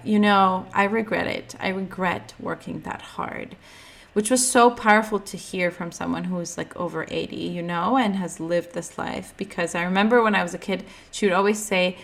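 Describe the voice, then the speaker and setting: A young woman hosting a podcast, talking candidly in a casual monologue with lots of "like", getting animated when she quotes others. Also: lowish voice, normal speed, creaky. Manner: candid and chatty, heavy use of "like", animated when quoting others. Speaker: podcast host.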